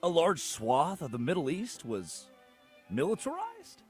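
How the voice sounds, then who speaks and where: Animated, sarcastic sports-talk host. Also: male voice, on the high side, measured pace, faint music behind. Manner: theatrical, sarcastic rhetorical questions, big swings in loudness. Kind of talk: animated monologue.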